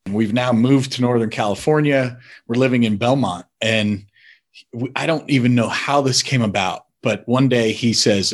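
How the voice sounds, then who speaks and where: A man's voice: mid-range voice, normal speed. A man, a father, telling an earnest personal story about his family.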